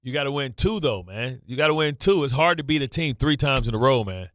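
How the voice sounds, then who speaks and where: A man's voice: medium pitch, animated, brisk, fairly bright tone, a little hiss or hum. A man hosting a sports radio show, talking in nervous, stammering, repeating bursts of banter. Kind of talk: excitable sports talk banter.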